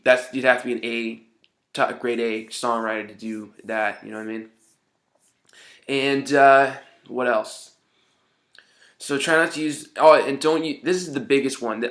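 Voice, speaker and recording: A man's voice: medium pitch, a bit bright. A man giving casual songwriting advice in a rambling way, often saying "you know what I mean".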